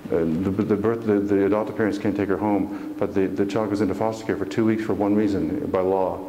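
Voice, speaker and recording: In a church hall, a motivational speaker addresses a live crowd in an earnest, folksy way, frequently putting questions to them. His voice is low and mellow with fairly even intonation, brisk and nearly pause-free, captured from far off in an echoey hall with a little hiss or hum.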